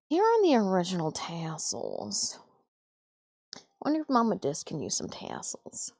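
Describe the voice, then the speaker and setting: A woman's voice: lowish voice, very animated, moderate pace, darkish tone, dry recording. A woman hosting a casual live stream, rambling and chatty as she sorts craft supplies, with self-mocking asides. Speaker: livestream host.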